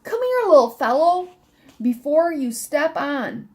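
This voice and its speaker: A kindly little lady sparrow from a storybook, chirping and chuckling as she fusses over a small friend, as a woman reader puts her on. Her voice sits high and bounces up and down a great deal. Her lines come out slow and careful. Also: very animated, darkish tone, exaggerated voice. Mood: chirpy. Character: kindly chatty female sparrow, small bird.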